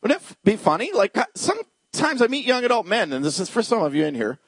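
High-pitched guy preaching, super animated and jokey, bouncing all over, dry sound. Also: fast talker, slightly rough, dry recording. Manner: humorous, animated, talks to the congregation. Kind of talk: lively storytelling sermon.

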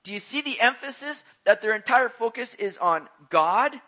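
A man preaching a sermon as a pastor, animated, with joking asides. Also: very high-pitched, moderate pace.

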